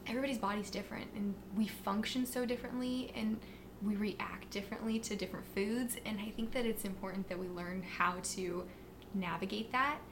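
A woman guest on a podcast, chatting casually as a fitness and nutrition coach. She tells stories in an animated way, full of fillers and acted-out quotes. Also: mid-range voice, brisk, noisy background. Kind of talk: casual interview chat.

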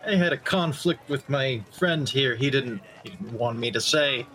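A man voicing a hesitant tavern patron who speaks haltingly. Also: medium pitch, pushed and bright, slight background noise, natural voice.

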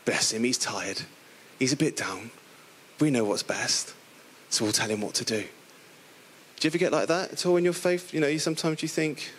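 A middle-aged man from the area preaching a lively, playful sermon, acting out the characters in the stories he tells. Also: mid-range voice, brisk, a little hiss or hum. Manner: playful, animated storytelling with voiced characters.

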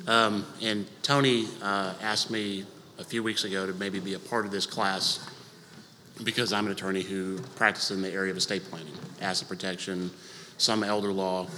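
A soft-spoken man in his thirties teaches an estate planning class in a church auditorium, talking casually through a microphone with fillers and the odd joke. His voice sits a little low but has a forceful, bright edge. A long reverb from the large hall trails behind every phrase. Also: slight background noise. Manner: conversational, with fillers and light jokes; speaks softly. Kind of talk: informal lecture to a congregation.

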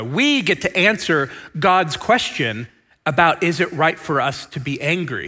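A man preaching a sermon as pastor, telling the story in an animated, joking way. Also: fairly high pitch, long reverb tail. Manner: animated, jokey storytelling with laughs.

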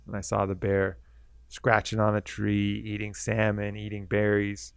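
A man's voice: on the low side, completely flat delivery, a little slow, vocal fry, smooth, no echo, studio quality. A man hosting a solo podcast, telling a personal story in a reflective, laid-back way. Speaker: podcast host.

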